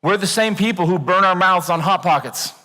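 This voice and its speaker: A man preaching a sermon in a church, animated and joking, acting out worried voices. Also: high voice, fairly quick, in a large hall. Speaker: pastor. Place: church auditorium.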